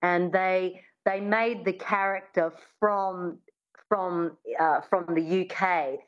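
A woman's voice: lowish voice, steady tone, slow. A woman dialect coach being interviewed on the radio, explaining thoughtfully with frequent restarts. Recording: dull, muffled line.

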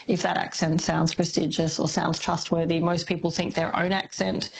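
A woman's voice: on the low side, flat delivery, moderate pace, gravelly, slight background noise, poor audio. A woman who studies accents, explaining thoughtfully on a radio phone-in and laughing often. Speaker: linguistics academic guest.

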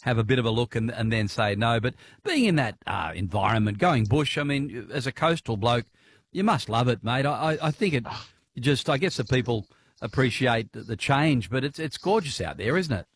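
A man's voice: medium pitch, expressive, normal speed, breathy edge. Chatty man hosting. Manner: friendly, hesitant, many fillers and restarts. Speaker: host. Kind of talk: casual interview.

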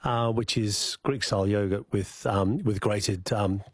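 A man with a Scouse accent, a chef guest chatting casually about cooking on the radio, halting with many fillers and restarts. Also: on the low side, steady tone, dry recording, studio quality.

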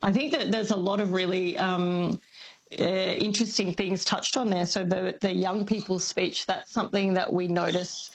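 A woman speaking as an expert guest on a radio show, explaining in a thoughtful, measured way with small fillers. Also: on the low side, steady tone, creaky, low-quality recording. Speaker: accent and language expert guest. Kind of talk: radio interview.

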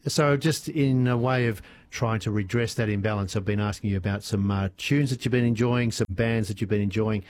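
A man's voice: on the low side, a little fast, hardly any pauses, a little mellow. An Australian man hosting talkback radio, chatty and hesitant, with lots of fillers. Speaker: radio host.

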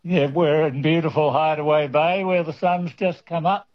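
A man calling a radio show, measured and friendly as he describes the weather. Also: fairly high pitch, fairly even intonation, highs cut off. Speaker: caller. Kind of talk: phone-in chat.

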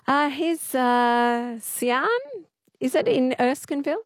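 A woman hosting a radio quiz, chatty and quick to laugh. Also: high voice, dry recording, clean studio sound. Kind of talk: casual talkback radio chat.

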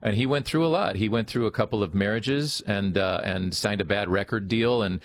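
A man's voice: lowish voice, normal speed. A man who works as a stage actor, chatting casually as a radio guest in an affable, easygoing way with small restarts. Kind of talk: casual radio interview chat.

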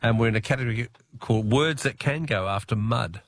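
A man's voice: medium pitch, brisk, no room sound, clean studio sound. A man with an Australian accent hosting a radio quiz, chatting casually and laughing easily with callers. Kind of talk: casual talkback radio chat.

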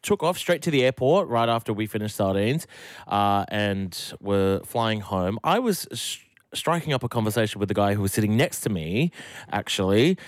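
A man's voice: fairly low pitch, expressive, moderate pace, no echo, studio quality. A young Australian man co-hosting a breakfast radio show, telling a story with chatty fillers and chuckles. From Sydney, Australia. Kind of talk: casual on-air chat. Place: radio studio.

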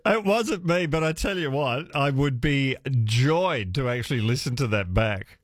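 Lively radio host, man. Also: medium pitch, measured pace, dry recording, studio quality. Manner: warm, laughing often, reassuring. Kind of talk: talkback radio chat with callers. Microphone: studio microphone.

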